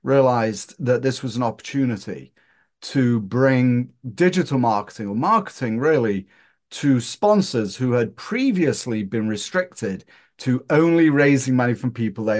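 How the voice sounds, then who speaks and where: A man's voice: mid-range voice, lively intonation, normal speed. A man in his sixties from Northern England with a Northern English accent, a guest telling his career story in a joking, self-deprecating way. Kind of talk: casual interview chat.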